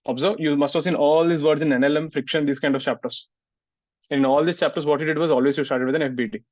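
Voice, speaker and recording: A man's voice: a little high, fairly even intonation, fast, a little mellow, no room sound. A male physics teacher, lecturing a class and scolding students who don't listen. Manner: scolds students, asks "getting it?" often. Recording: muffled, dry sound.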